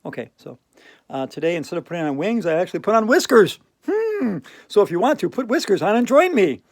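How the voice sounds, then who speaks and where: A woman's voice: lowish voice, sing-song, a little fast. A woman hosting a playful yoga routine, giggling and laughing through the poses. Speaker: yoga video host.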